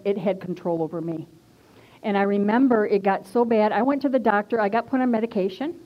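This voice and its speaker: A woman minister giving a personal testimony in a sermon, earnest and conversational, stressing points by repeating them. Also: mid-range voice. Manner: earnest and conversational, emphatic repetition. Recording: dull lo-fi recording.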